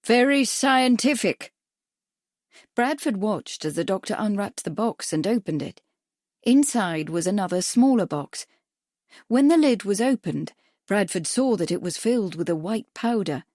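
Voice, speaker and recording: Woman narrating an audiobook, steady, mid pitch, super dry close mic. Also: moderate pace, dry recording. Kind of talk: scripted narration.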